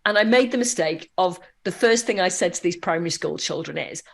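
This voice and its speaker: A woman guest on an interview podcast, telling lively anecdotes with many fillers and restarts. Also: on the low side, brisk, gravelly. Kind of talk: conversational interview storytelling.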